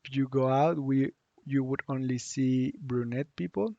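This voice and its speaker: A man from Mexico, teaching a lesson online and saying the model phrases slowly so learners can repeat them. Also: mid-range voice, gravelly, dark tone, no echo, lo-fi sound. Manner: slow, drawn-out model phrases for repeating aloud. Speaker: Spanish teacher.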